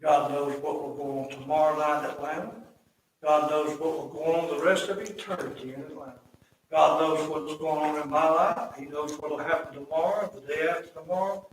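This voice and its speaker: Folksy preacher in an echoey church. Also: male voice, fairly high pitch, fairly even intonation, fairly quick, slight background noise. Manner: folksy, builds to loud emphatic repetition. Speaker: pastor. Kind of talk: sermon. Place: church sanctuary. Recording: echoey church hall, mic at a distance.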